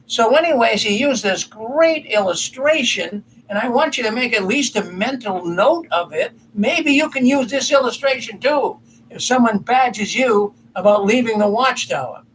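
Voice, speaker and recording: Brief: man with a fairly high voice, folksy, rambling commentary host, faint noise behind. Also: animated, moderate pace, fairly bright tone, poor audio. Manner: rambling, folksy, self-correcting storyteller. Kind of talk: casual commentary monologue.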